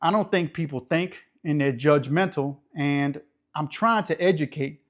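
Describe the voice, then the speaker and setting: A man's voice: on the high side, measured pace. A man from the New Orleans area with a local accent, hosting a casual, blunt, streetwise monologue. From New Orleans area, Louisiana. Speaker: YouTube channel host.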